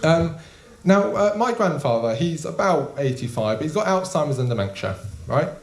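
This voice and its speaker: A young man doing a stand-up comedy set in a small club, deadpan and casual with frequent ums. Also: a little high, normal speed. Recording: echoey room.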